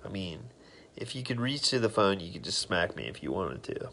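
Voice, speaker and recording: A man's voice: deep voice, big pitch swings, moderate pace, creaky, sharp tone. A man hosting a casual live stream, rambling in a friendly, tipsy way as he tells stories and greets viewers.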